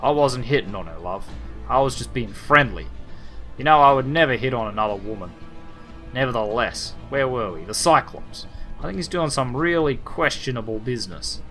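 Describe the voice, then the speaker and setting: A man's voice: mid-range voice, lively intonation, normal speed, bright, forceful tone, soft background music. A man doing a brash Aussie bartender. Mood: smug. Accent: Australian. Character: boastful male bartender, Australian, brash.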